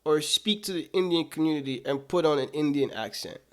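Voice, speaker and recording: A man's voice: a little high, brisk. Indignant man firing rhetorical questions. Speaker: political commentator. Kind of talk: casual commentary.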